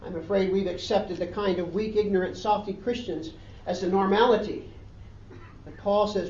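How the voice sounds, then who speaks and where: A woman's voice: mid-range voice, fairly even intonation, moderate pace, a little mellow, a little hiss or hum. Emphatic woman preaching in a roomy hall. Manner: emphatic, repeats key phrases for stress. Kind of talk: sermon. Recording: dull, roomy sound picked up from a distance.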